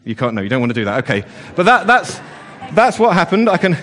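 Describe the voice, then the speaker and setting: Guy leading a kids church talk, playful and chatty, slightly high voice, long church echo. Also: sing-song, quick pace, fairly bright tone, a little hiss or hum. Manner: chatty and playful, many fillers and restarts. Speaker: church service leader. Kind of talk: all-age church talk with children.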